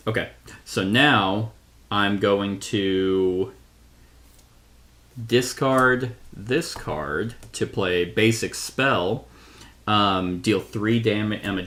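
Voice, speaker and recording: A man with a lowish voice talks through a solo tabletop card game. He takes it slowly, reading card rules out loud, weighing his options and stopping to correct himself in a casual way. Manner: thinks aloud, reads card text, self-correcting. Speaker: board game reviewer.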